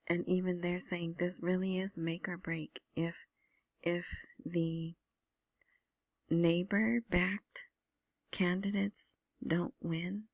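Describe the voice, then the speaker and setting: A woman hosting her own vlog, giving casual screen-share commentary on news in a soft, half-whispered way, with many ums and restarts. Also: on the low side, creaky, dry recording. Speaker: vlogger commenting on Iraqi news and currency.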